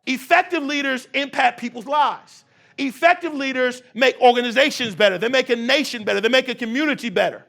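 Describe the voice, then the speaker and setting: A man's voice: very high-pitched, fairly quick, creaky, fairly bright tone. A man around forty giving a motivational keynote speech, using call-and-response with the audience in a repetitive preaching cadence. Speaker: keynote speaker. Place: university event hall.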